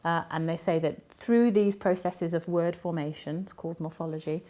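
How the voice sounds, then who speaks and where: A woman linguist answering interview questions, explaining patiently with frequent ums and pauses. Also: fairly low pitch, steady tone, dark tone. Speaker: linguist and university academic.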